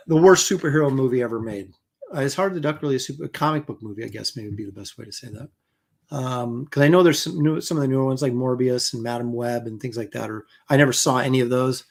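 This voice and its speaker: A man's voice: medium pitch, quick pace, creaky. A middle-aged man talks casually on his own live stream. He rambles and mocks himself, and he fills his talk with ums and false starts. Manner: rambling, self-mocking, many fillers and restarts. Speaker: host of a live comic art stream.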